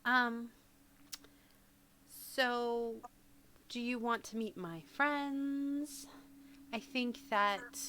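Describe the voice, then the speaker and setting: A woman's bright, clear voice, casual and playful as she joins in a tabletop game. She chats easily, jokes with the others and laughs often, moving freely between plain talk and her character's lines. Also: a little high, steady tone, extremely slow, long pauses, slight background noise. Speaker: player.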